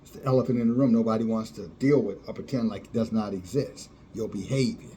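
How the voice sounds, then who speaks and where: A man's voice: fairly low pitch, fast talker, warm tone, slight background noise. A man preaching a fiery sermon, scornful and sarcastic, often laughing at those he criticizes.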